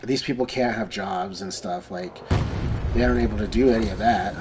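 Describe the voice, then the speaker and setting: Brief: a male streamer chatting aimlessly mid-game, mid-pitched and offhand, gunfire noise under the voice. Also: big pitch swings, normal speed, gravelly. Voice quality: loose, rambling, swears casually. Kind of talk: casual rambling chat while gaming. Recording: noisy, with game gunfire behind.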